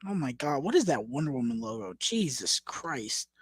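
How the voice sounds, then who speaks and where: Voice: mid-range voice, big pitch swings, moderate pace, vocal fry, breathy edge, dry recording. A co-host on a casual movie watchalong podcast, joking and reacting to the film.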